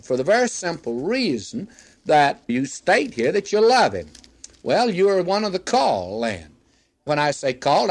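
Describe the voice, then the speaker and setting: An older man, a radio Bible teacher answering a listener's question in an earnest, folksy pastoral manner. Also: fairly high pitch.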